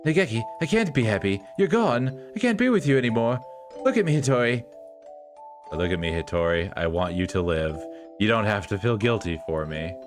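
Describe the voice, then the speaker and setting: A man voicing a caring, devoted young woman in a visual novel read-through, speaking softly and pleadingly. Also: mid-range voice, big pitch swings, a little fast, music in the background, close to an everyday voice. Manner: soft, pleading and tender.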